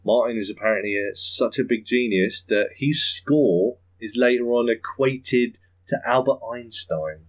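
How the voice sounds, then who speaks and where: A man hosting a podcast in casual chat, rambling, chuckling often and slipping into quick impressions. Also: mid-range voice, rough recording. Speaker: podcast host.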